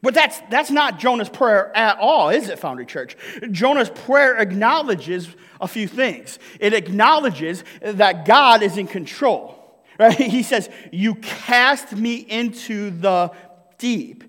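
A man's voice: high voice, lively intonation, slow pace, a bit bright, long reverb tail. A male pastor preaching a sermon to his congregation, joking and often checking in with "right?". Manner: jokey, keeps asking the congregation "right?". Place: church sanctuary.

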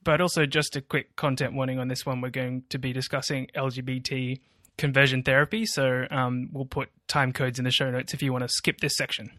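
A man's voice: mid-range voice, flat delivery, fairly quick, pushed and bright, dry recording, studio quality. A man co-hosting a podcast, explaining the news with a sardonic, casual manner. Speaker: podcast co-host.

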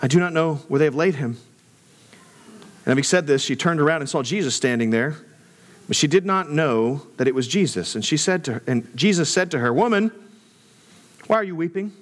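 A young man, a pastor, preaching a sermon in a conversational way with jokey asides and animated emphasis. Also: on the high side, a little fast, long pauses.

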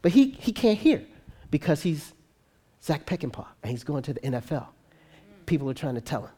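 Preacher, sermon storytelling, conversational, animated, average pitch. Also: a little fast, slightly rough. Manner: conversational, animated, frequent tag questions.

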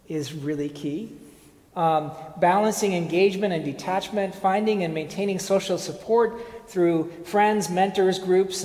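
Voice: mid-range voice, a little mellow. A speaker giving an informal slide lecture, telling a parable in a conversational way with wry asides, frequent fillers and restarts. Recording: echoey hall with long reverb.

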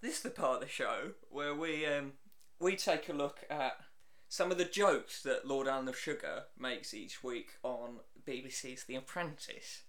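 A man's voice: medium pitch, normal speed, fairly bright tone. A man co-hosting a podcast, teasing his co-host and laughing often in casual banter.

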